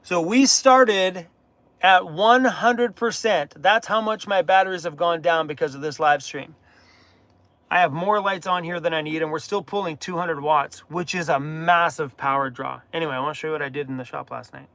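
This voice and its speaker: A man hosting a live-stream Q&A from inside his camper van, jokey and animated, laughing at his own jokes. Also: on the high side, normal speed. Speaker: van-life channel host.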